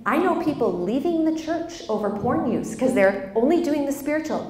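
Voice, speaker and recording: Nun, woman, lively conference speaker, slightly high voice, roomy hall sound. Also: normal speed. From Boston. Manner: animated, asks the audience "right?" often, acts out quotes. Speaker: religious sister speaking at a conference. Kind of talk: conference talk. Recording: echoey hall.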